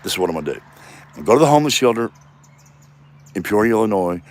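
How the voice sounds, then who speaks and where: A man's voice: on the low side, big pitch swings, quick pace. A man in his fifties rambling and swearing in a self-mocking solo vlog, recorded outdoors in a front yard. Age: 50s. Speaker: comedian vlogger. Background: passing traffic.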